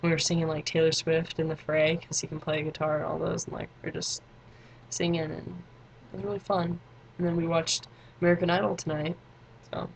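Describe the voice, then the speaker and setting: A woman's voice: deep voice, little pitch movement, fairly quick, creaky, slight background noise, low-quality recording. A teenage girl vlogging in a rambling, chatty way, full of fillers and side notes. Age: teens. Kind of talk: casual chat to camera.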